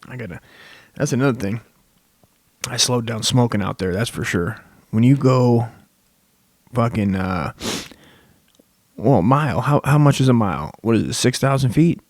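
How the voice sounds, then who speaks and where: A man's voice: medium pitch, expressive, normal speed, pauses often, a little mellow, no echo. A young man delivers a loose, profane comedic rant as a podcast host, swearing constantly and drifting from one tangent to the next. His voice sits in an ordinary middle register, and he is recorded close on a dry mic with no room sound. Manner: crude, rambling, swears constantly. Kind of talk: rambling profane comedic monologue.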